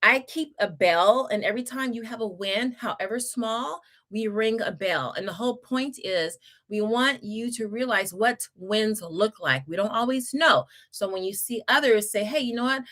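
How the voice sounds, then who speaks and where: A woman's voice: a little high, moderate pace, fairly bright tone. A middle-aged woman hosting a casual livestream, reading viewer comments and giving encouraging, chatty advice with laughs and restarts. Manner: Southern-style address to viewers. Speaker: homeschool channel host.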